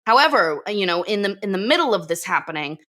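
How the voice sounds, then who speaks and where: A woman co-hosting a podcast, recapping an episode in an animated, laughing storytelling way. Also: medium pitch, fast. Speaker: podcast co-host. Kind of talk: casual chat recapping a TV episode.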